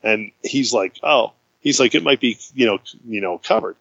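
A man casually telling a road-trip story in a chat, acting out the voices of the people he met with big jumps in pitch. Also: moderate pace, vocal fry, fairly bright tone, breathy edge, no echo, dull audio. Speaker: guest.

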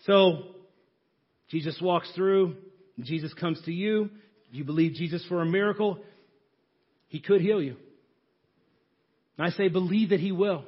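A man preaching a sermon, swinging from shouting to hushed near-whispers. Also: high voice, breathy edge, lo-fi sound.

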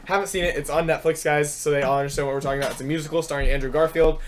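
Young guy hosting a podcast, kinda high voice, animated, keeps talking over people. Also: very fast, a little hiss or hum. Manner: animated, talks over others. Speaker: podcast host. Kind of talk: casual chat.

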